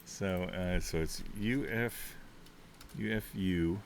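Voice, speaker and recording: A man with a low voice plays a tabletop game by himself, slowly thinking out loud. His casual walkthrough rambles, filled with fillers, over a slight hiss or hum.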